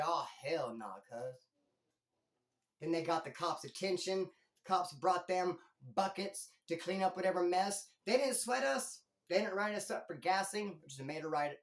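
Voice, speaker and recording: A man casually telling a story from his time in prison, slangy and animated, jumping between loud emphasis and low asides. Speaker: former inmate storyteller. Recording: roomy echo.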